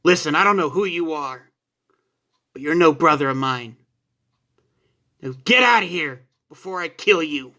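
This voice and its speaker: A calm, resolute warrior and father, played by a man reading a fan story. He speaks quietly and earnestly with a bright tone. His delivery is unhurried and steady. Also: fairly high pitch, exaggerated voice. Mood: firm. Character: young male alien fighter, calm and resolute father.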